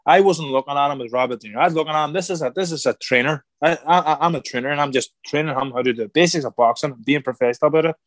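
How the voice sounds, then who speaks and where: A middle-aged man, a former boxer turned actor, telling stories in a casual interview, animated and acting out quoted voices. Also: on the high side, rapid-fire, hardly any pauses, no room sound. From Ireland. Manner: animated, acts out quoted voices, repeats words. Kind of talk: casual conversational storytelling.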